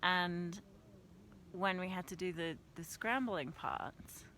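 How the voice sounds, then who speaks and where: A woman's voice: lowish voice, slow, bright, forceful tone, a little hiss or hum. A young woman talking casually and reflectively outdoors on a mountain trail, laughing often at herself. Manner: chatty, laughs often, self-deprecating. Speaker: vlogger.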